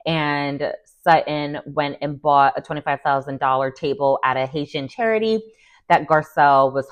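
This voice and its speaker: A young woman giving an opinionated, chatty recap of a reality show, often quoting the cast in lively voices. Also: low voice. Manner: chatty, opinionated, quotes people in animated voices. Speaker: recap vlogger. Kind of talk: casual recap commentary.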